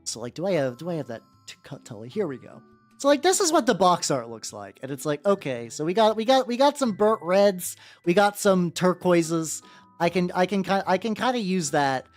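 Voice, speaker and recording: A woman from America hosts a relaxed livestream, greeting chat and rambling while she paints. Her voice sits low but swings widely in pitch, and she swears freely. Soft music plays underneath. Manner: rambling, profane, chatty with viewers. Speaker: miniature-painting VTuber streamer. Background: faint background music.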